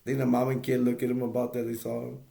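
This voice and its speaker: A man recapping a film in a loose, rambling way, stopping often to restart his sentences. His voice sits mid-range in pitch and has a gravelly fry. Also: completely flat delivery, fast talker, dark tone, roomy sound. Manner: rambling, with many restarts and chuckles. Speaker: movie reviewer. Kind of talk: casual plot retelling.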